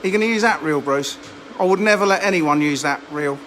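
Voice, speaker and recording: A rambling, chatty man live streams on a handheld phone. His voice sits high for a man, and a faint hum of noise runs behind him. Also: a little fast, a bit bright. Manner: chatty, rambling, self-mocking. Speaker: fishery owner live streaming. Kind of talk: casual live-stream chat. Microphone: phone camera held in hand.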